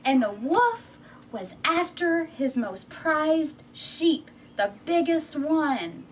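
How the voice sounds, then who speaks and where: Slow, high-voiced woman telling a fable. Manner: expressive and animated. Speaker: storyteller. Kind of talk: children's story read aloud with props. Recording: distant mic, faint background noise.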